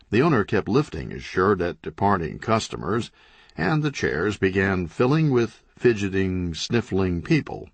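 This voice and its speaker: A man reading a crime comedy audiobook in scripted narration with an animated, dry comic delivery. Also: low voice, slightly rough, dry recording.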